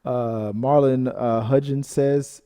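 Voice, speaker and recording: A man with a mellow, dark-toned voice reads viewer comments aloud on a casual reaction show. He keeps wandering off into side stories and then apologizes for them. His pitch is average for a man. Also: steady tone, slow pace, clean tone. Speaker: co-host of a reaction channel reading viewer comments. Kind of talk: casual chat.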